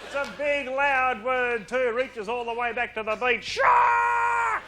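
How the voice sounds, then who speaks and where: A man with an Australian accent delivering a brash, loud stand-up comedy monologue. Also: very high-pitched, steady tone, moderate pace, slight background noise. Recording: live crowd and loud ambience.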